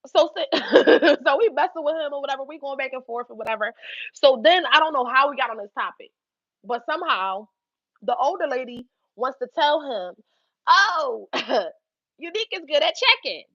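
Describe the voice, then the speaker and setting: A young woman telling a work story in a casual, profane, animated way, laughing often and acting out what people said. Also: high voice, normal speed, no room sound, highs cut off. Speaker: livestream host telling a story.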